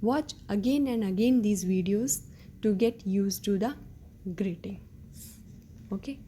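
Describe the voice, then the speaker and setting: A woman teaching a beginner language lesson, patient, repeating words slowly and checking in with "okay?". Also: mid-range voice, warm tone, slight background noise. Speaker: French teacher.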